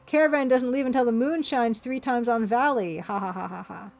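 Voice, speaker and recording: A woman's voice: fairly high pitch, fairly quick, creaky, faint music behind. A woman voicing a greedy, cackling male caravan leader who boasts in broken English, as she reads a computer game aloud. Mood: mocking.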